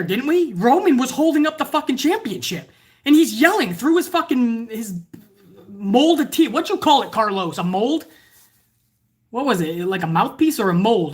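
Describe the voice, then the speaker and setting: A woman giving a casual, sarcastic and profane wrestling review, now and then acting out fans in shouted voices. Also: mid-range voice. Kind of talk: casual ranting commentary.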